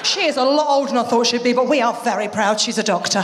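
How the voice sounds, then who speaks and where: Animated high-voiced woman doing stand-up. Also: fast, a little hiss or hum. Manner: animated storytelling with lively voices for quoted family. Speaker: stand-up comedian. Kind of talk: live stand-up set. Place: live theatre stage with an audience.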